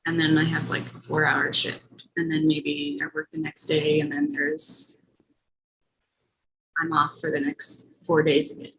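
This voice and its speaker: A woman telling a class about her work, speaking hesitantly with many pauses and "um"s. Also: deep voice, monotone, fairly bright tone, low-quality recording. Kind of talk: casual chat.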